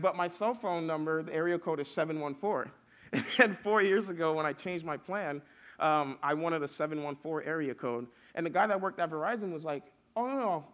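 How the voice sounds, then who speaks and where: Young male preacher, casual youth-sermon delivery, slightly higher voice, builds emphatic lists. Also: a bit bright. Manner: casual, storytelling, builds lists with rising force.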